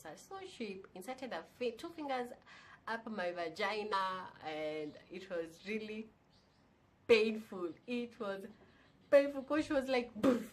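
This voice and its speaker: A young woman shares her own story in a casual, candid vlog. She talks in a chatty way and mixes in the odd Swahili phrase. Her voice sits in a middle pitch, and a faint background hum runs under it. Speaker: vlogger.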